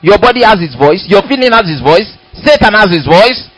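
A man preaching a sermon in a church, animated and dramatic, acting out little quotes as he goes. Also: high-pitched, a little fast, poor audio.

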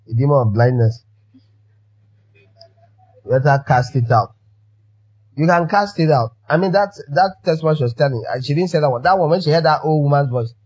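A man's voice: fairly high pitch, a little mellow, breathy edge, highs cut off. A man preaching a sermon as pastor, emphatic and fond of repeating his phrases for effect.

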